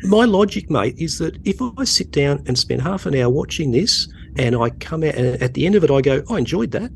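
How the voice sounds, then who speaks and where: A man with an Australian accent, co-hosting a podcast in a jokey, animated casual chat. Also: fairly high pitch, brisk, vocal fry, a little hiss or hum. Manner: jokey, animated, breaks into silly voices. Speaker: podcast co-host.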